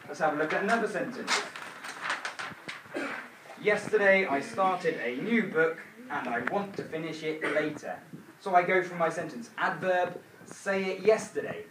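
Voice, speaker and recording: A man's high, lively voice moves at normal speed as he drills a primary school class in a repeated grammar chant, call and response. Picked up in an echoey classroom from far away, the audio is noisy.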